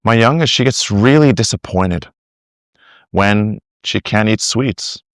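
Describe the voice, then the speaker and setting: A middle-aged man with a low voice tells stories animatedly on a podcast. He acts out little quotes and restarts his sentences often. The sound is dry and close. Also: takes it slowly, no room sound. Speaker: discipleship teacher, guest. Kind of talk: conversational podcast interview.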